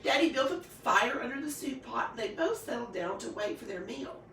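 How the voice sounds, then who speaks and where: A woman reading a children's story aloud in an expressive, animated way. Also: fairly high pitch, brisk, far from the mic, slight background noise. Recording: echoey room, voice off-mic.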